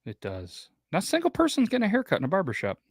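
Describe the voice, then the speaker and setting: A man's voice: high voice, wildly swooping pitch, quick pace, dry recording. Dry-humored male co-host. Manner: dry, self-mocking humor. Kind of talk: casual chat.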